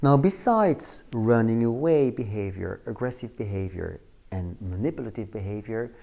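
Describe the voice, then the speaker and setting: Guy teaching a course, tells stories all animated, mellow warm voice. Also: fairly low pitch, normal speed, vocal fry. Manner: animated, acts out scenes. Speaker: trainer. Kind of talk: storytelling lecture.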